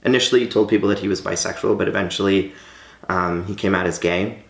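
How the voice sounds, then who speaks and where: Gravelly-voiced man telling a personal story. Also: low-pitched, steady tone, fast, echoey room. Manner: candid and heartfelt, with light laughs. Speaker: vlogger.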